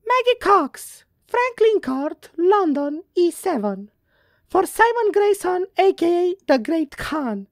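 A woman voicing an erratic, dramatic woman who is reading her own letter aloud in a shrill, theatrical voice. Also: sing-song, slow pace, no echo, studio quality, exaggerated voice. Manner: shrill, theatrical, over the top.

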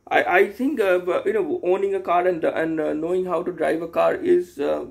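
A man's voice: high-pitched, steady tone, normal speed, gravelly. A young man, talking casually to camera in a hesitant, rambling way, full of fillers and restarts. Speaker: YouTuber. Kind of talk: casual unscripted vlog monologue.

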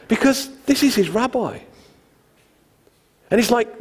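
A man's voice: very high voice, normal speed, pauses often, slightly rough. Man preaching in a reverberant hall. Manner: conversational, animated storytelling with acted quotes. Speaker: pastor. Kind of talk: sermon. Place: church hall.

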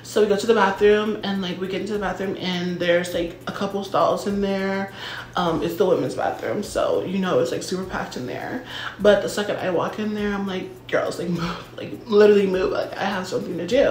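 A woman's voice: mid-range voice, echoey room, a little hiss or hum. A young woman telling a comedic story in a ditzy, self-absorbed valley-girl manner, packing her talk with "like" and swearing freely. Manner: self-absorbed, brash and profane.

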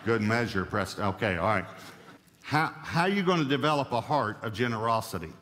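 A man's voice: mid-range voice, very animated, a little fast, fairly bright tone, big-room sound. A male pastor preaching a sermon, stressing key points by repeating them.

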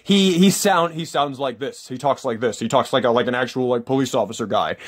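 A man's voice: mid-range voice, fairly quick. A man hosting a casual toy review, enthusiastic and rambling, with a lot of restarts and some casual swearing.

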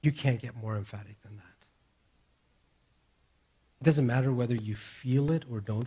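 A man preaching a sermon as pastor, moving between raised, emphatic declarations and hushed, near-whispered reassurances. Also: mid-range voice, moderate pace, long pauses, slightly rough.

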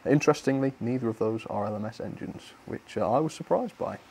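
A man's voice: medium pitch, a little fast, vocal fry, darkish tone, slight background noise. A man hosting a live stream in a cheerful, chatty way, laughing often as he runs his trains and reads out viewer comments. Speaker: host of a model railway live stream. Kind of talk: casual live-stream chat.

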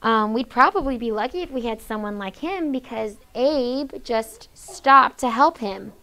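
Woman teacher in a classroom, high-ish voice, reading a story to sixth graders, lots of "okay?" and shushing. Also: animated, unhurried. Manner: reads quoted lines with changed voices, hushes students often.

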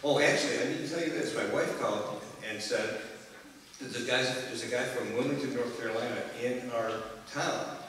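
A bandleader giving rambling, joking stage banter between tunes at a live concert, chuckling often. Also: male voice, medium pitch, brisk, a bit bright. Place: concert hall with an audience. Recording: echoey hall from far off, noisy.

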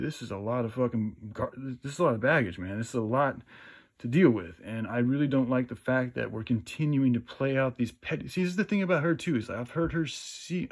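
A man at a middle pitch, speaking straight to his viewers. He rants defensively and rambles, cursing often and restarting his sentences as his agitation builds. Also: husky. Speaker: video channel host. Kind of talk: defensive rant to camera.

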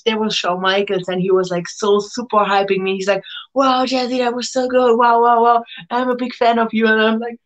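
A woman's voice: mid-range voice, rough recording. A woman, a professional wrestler telling stories as an interview guest, laughing often and acting out the voices of the people she quotes. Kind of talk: casual storytelling.

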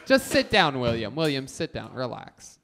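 A man's voice: mid-range voice, huge pitch swings, normal speed, creaky, over music. A man hosting a live comedy show, bossing guests around in a mock-scolding way and laughing often. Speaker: comedy podcast host.

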